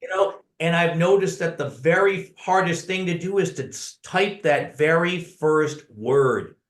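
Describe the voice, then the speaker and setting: A man's voice: a little high, a little slow, reverberant. A man telling stories as a podcast guest, earnestly and often addressing the host by name. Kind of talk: conversational storytelling.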